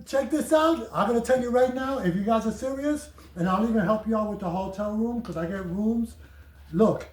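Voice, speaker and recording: A middle-aged man with a high, bright-edged voice talks in a loose, joking, rambling way, jumping between stories. He sounds like a comedian chatting after a show. The sound carries a roomy echo from the venue. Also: normal speed. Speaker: guest comedian and actor. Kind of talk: casual chat. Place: theater venue after a performance.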